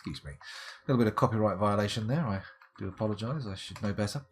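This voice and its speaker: Husky, lively streamer. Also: male voice, medium pitch, fast talker. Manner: wry, rambling, self-mocking asides. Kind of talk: live-stream game commentary.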